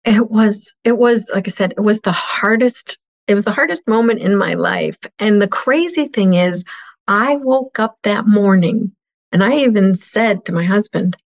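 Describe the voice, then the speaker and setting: A woman's voice: medium pitch, moderate pace, vocal fry, muffled recording. A middle-aged woman telling a painful personal story as an interview guest, earnest and heartfelt.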